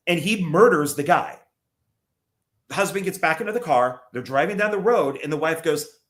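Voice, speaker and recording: Talking briskly in a slightly high, fairly bright voice, a man co-hosting a podcast recounts a movie's plot in detail for a casual review. He frequently trips over his words and starts sentences again.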